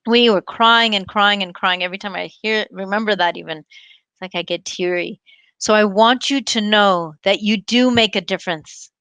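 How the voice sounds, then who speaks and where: A woman's voice: medium pitch, a bit bright, smooth, no room sound. Earnest woman telling a heartfelt story. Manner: earnest and heartfelt, retells quoted dialogue. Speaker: show host and doctor. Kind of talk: personal storytelling to viewers.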